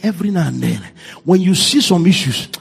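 A male pastor preaching a sermon, swinging from quiet storytelling to shouted declarations. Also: sits high, lively intonation, a little fast, gravelly, soft background music.

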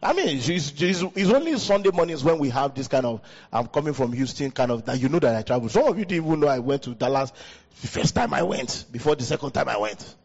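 A pastor with a West African accent preaching a sermon into a handheld mic, leaping up in pitch for emphasis. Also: male voice, fast, few pauses, slightly rough. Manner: animated preaching, jumps high in pitch for emphasis. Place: church hall. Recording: dull hall recording with long reverb.

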